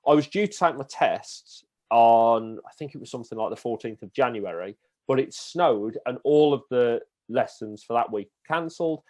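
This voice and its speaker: Lively storytelling man. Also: medium pitch, moderate pace. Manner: lively anecdotal telling, acting out the voices in his stories. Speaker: podcast guest. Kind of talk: casual podcast storytelling.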